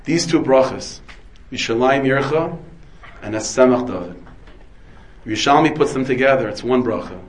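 A man's voice: medium pitch, normal speed, rough recording. A man, a rabbi, giving a Torah lecture full of Hebrew terms, asking and answering his own questions. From United States. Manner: dense with Hebrew and Yiddish terms.

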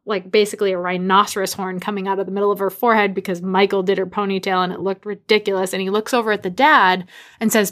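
A woman's voice: medium pitch, quick pace. Woman telling a personal story. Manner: animated, acts out quoted dialogue.

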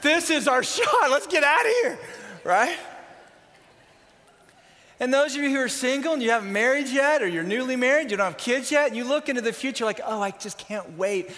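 A man in his forties preaching a sermon, telling animated stories and acting out scenes. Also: extremely high pitch, brisk. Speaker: pastor. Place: large church worship center. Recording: long hall reverb.

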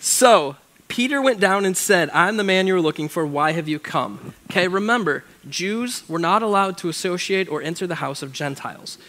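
A man's voice: sits high, lively intonation, moderate pace, sharp tone. A young man preaching a casual sermon, reading scripture aloud and breaking off into chatty, joking asides. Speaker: pastor.

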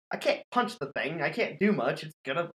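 Lively, foul-mouthed man spinning a spooky tale. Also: fairly high pitch, moderate pace, low-quality recording. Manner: animated, profane, laughing often. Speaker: podcast host. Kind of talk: casual storytelling chat.

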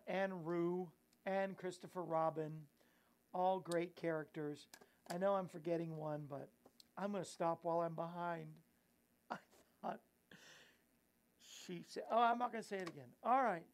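A man hosting a Christian talk show, rambling and giggling at himself, then preaching earnestly. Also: high voice. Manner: rambling, giggly, self-mocking; preachy exhortation. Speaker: host and evangelist.

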